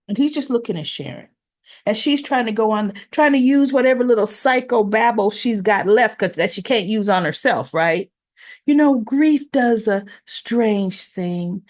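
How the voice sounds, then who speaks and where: A woman's voice: on the high side, darkish tone. Chatty woman retelling soap scenes. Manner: retells scenes as quoted dialogue, "she goes, he goes"; chatty, asides to viewers. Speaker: soap opera recap host. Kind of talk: casual recap vlog.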